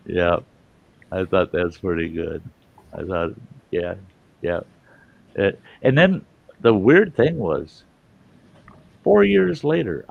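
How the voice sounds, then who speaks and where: A man with a low, gravelly voice spins a rambling, salty story in an easygoing, chuckling way. He sounds like a show host recounting a bar tale. The recording is dull and lo-fi. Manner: rambling, profane, chuckling yarn-teller. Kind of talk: casual spoken anecdote.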